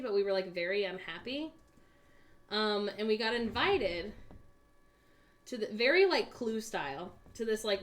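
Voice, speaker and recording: A young American woman with a medium-pitched voice co-hosts a craft stream, where a slight hiss or hum can be heard. In casual chat, she tells a long dream story, laughing often and using lots of fillers.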